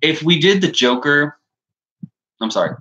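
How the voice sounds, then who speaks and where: Young man, casual co-host chat, bright voice, animated pitch, rambling with fillers. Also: measured pace, highs cut off. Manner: rambling, many fillers and restarts. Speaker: co-host of a fan-film channel.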